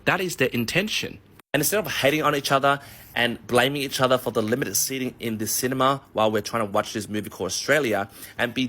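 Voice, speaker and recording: A man who works as a mortgage broker, ranting in a profane, animated way on a casual vlog. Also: mid-range voice.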